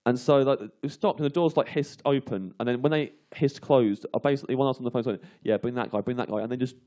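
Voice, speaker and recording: A man of ordinary pitch tells a rambling comic anecdote on a live panel show. He laughs through his own story, his delivery animated and eager. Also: fast. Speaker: comedian guest. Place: live show before an audience.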